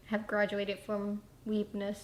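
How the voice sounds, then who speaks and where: A woman hosting a casual chat over wine, animated and laughing, often jumping into high exclamations. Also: slow pace. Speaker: host.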